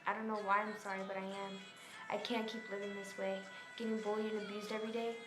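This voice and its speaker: Hopeless teen girl saying sorry over and over, halting, flat delivery, a woman reading it out, echoey room. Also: medium pitch, music in the background, lightly acted. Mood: despairing. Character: despairing teen girl recording a goodbye.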